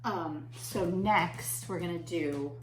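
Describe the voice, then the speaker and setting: Lady teacher talking slow and patient to little kids, echoey room, bit of hiss. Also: on the low side. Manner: slow, patient, encouraging classroom talk. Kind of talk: remote class lesson for young children. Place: home. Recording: echoey room, faint noise.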